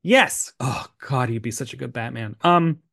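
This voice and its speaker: A male podcast co-host talks through a TV episode in a relaxed, rambling way. His speech is stuffed with "like" fillers, and he slips into the characters' lines as he goes. His pitch sits in the middle, and the close mic sounds dry, with no room around it. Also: moderate pace, gravelly, no room sound. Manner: chatty, many "like" fillers, acts out bits of dialogue. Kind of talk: casual chat recapping a TV episode.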